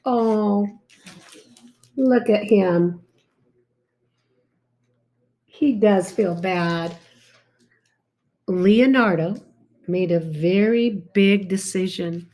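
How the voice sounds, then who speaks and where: A woman reading a picture book aloud to a child, stopping often to point things out and ask him questions in an animated, exclaiming way. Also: mid-range voice. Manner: animated, talks to a child between pages; slow and warm, exclaiming often. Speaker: reader to a child.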